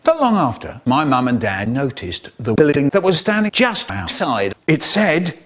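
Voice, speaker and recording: Man, comic storyteller, animated, slightly high voice, faint background music. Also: normal speed, hardly any pauses. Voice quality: animated, wide-ranging voice with sudden squeaky jumps.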